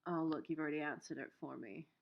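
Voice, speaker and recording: A woman's voice: deep voice, quick pace, vocal fry. Chatty woman, lo-fi livestream sound. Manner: chatty, rambling, with many fillers, reading viewer comments aloud. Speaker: livestream host and soap maker. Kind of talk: casual livestream chat. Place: home workshop. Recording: dull, lo-fi stream audio.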